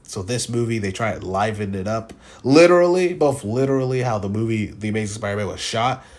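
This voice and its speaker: A man's voice: fairly low pitch, lively intonation, a little fast, darkish tone. A man casually reviewing films, talking in a rambling, opinionated way and often restarting his sentences. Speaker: film reviewer. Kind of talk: casual spoken film commentary.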